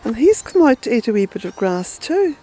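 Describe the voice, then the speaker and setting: An Irish woman chatting her way through a garden tour outdoors, fond and unhurried, with bursts of indignation. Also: fairly high pitch, sing-song, dark tone, poor audio. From Ireland. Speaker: smallholder and author giving a garden tour. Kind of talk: casual walking garden tour.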